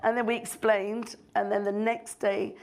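A middle-aged woman, a filmmaker guest on stage, telling an animated anecdote with frequent laughter and mimicry. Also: mid-range voice, moderate pace.

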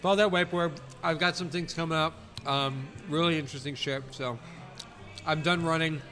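Male co-host, easygoing with ums, slightly high voice, music bed. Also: fairly quick. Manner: relaxed with many ums. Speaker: podcast co-host. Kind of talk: casual chat.

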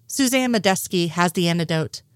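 A woman reading the lines of a nervous, innocent man, a little higher than her narration. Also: lively intonation, normal speed, smooth, no room sound, studio quality, lightly acted. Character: nervous, well-meaning male conspiracy nerd.

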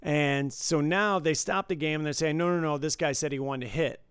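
A man who supervises casino tables, chatting casually and telling an animated story with frequent restarts. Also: fairly high pitch, fairly quick, clear, resonant tone, no echo. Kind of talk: casual chat.

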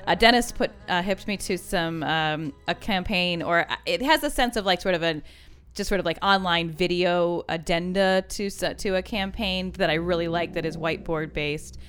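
Chatty woman with a very clear voice. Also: lowish voice, normal speed, a bit bright, faint music behind. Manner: chatty, many fillers and restarts. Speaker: podcast co-host. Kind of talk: casual chat about ads.

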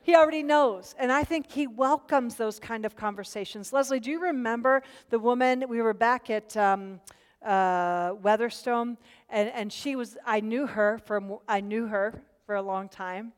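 A woman teaches a group Bible study in an earnest, questioning way, often repeating a word before her thought comes out. Her voice sits a little high and sounds smooth and clear. A long reverb trails behind it. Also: moderate pace.

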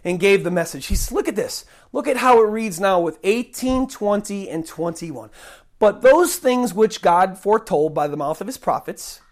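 A male pastor preaching a sermon, swinging between loud bursts and quiet asides. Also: sits high.

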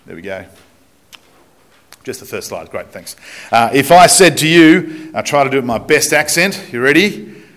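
A man with an Australian accent preaching a sermon to a congregation in a chatty, joking way, slowing down to stress key points. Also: mid-range voice, animated, a bit bright. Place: church, speaking to a congregation.

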